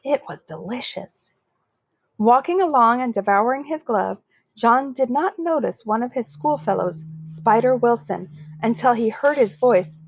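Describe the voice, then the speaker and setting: A woman's voice: on the high side, gravelly, dry recording. Woman reading a children's book aloud. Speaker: story reader.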